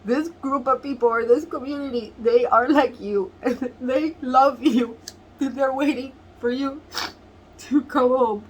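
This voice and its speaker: A woman giving a tarot reading to camera, emotional and earnest, often laughing softly and near tears as she repeats phrases. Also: high voice, takes it slowly, rough recording. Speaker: tarot reader.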